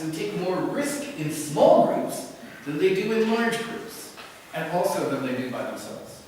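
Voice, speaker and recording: A man with a fairly high voice gives a live lecture from far away from the mic in an echoey hall, with slight background noise. His storytelling is animated, loose and digressive, full of "you know" fillers.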